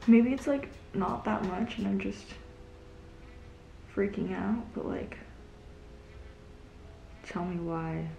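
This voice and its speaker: A woman's voice: medium pitch, slow, gravelly, long pauses, dark tone, reverberant, slight background noise. A young woman vlogging casually as she tests a gadget, chatty and easily grossed out. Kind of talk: casual product-testing vlog.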